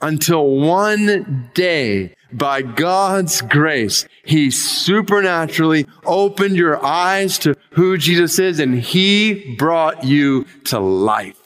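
A man's voice: fairly high pitch, animated, takes it slowly, hardly any pauses, a bit bright. A man preaching a sermon, telling a conversion story in an earnest storytelling manner. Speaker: pastor.

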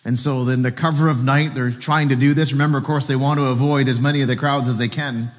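A male pastor preaching a sermon with animated storytelling and joking asides. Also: medium pitch, fast, long reverb tail.

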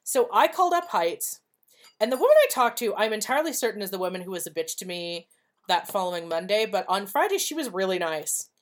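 A woman's voice: mid-range voice, very animated, brisk. A woman co-hosting a podcast, telling a personal story in a blunt, profane, casual way and acting out the dialogue. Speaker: podcast co-host.

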